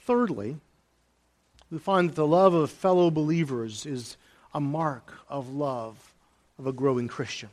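A male pastor delivers a sermon in a voice pitched a little above most men's. He drops to soft, almost hushed phrases, then lifts into raised, emphatic lines. He repeats key phrases to drive them home. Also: unhurried.

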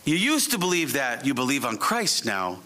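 A man preaching an evening sermon and leading a closing prayer, emphatic and drawing out key phrases slowly. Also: medium pitch, wildly swooping pitch, sharp tone. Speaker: pastor.

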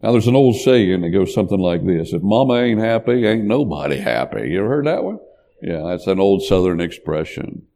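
A man's voice: deep voice, dark tone. A man preaching a sermon as a pastor, with an emphatic, preacherly cadence that rises on key points. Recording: long hall reverb.

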